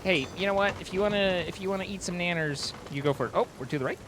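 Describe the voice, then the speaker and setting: A man's voice: high-pitched, quick pace, background noise. A man hosting a live gaming stream in casual chat, wry and teasing. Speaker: streamer host.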